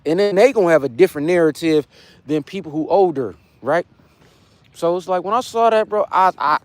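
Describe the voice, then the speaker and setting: A man's voice: on the high side, lively intonation, brisk. A man from California, hosting a casual fitness livestream and chatting loosely with his viewers. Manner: laid-back, chatty, greets viewers by name.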